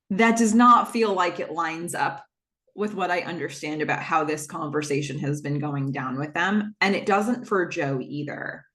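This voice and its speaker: A young adult woman hosting a podcast, recapping a TV episode in casual narration, acting out the characters' lines with quick jumps in pitch, full of fillers and self-corrections. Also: fairly bright tone. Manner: acts out quoted lines with a quick shift of pitch.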